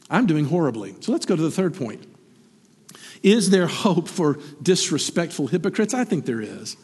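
Here a middle-aged pastor, his voice pitched high with a touch of huskiness, preaches with energy and a conversational tone, posing rhetorical questions to his flock. His pitch moves lively, he talks at normal speed, and the sound rings with lengthy church-sanctuary reverb.

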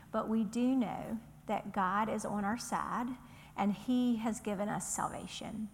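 A woman's voice: medium pitch, gravelly, in a large hall. A woman with a Southern US accent teaching a Bible study, earnest and conversational, reading scripture aloud.

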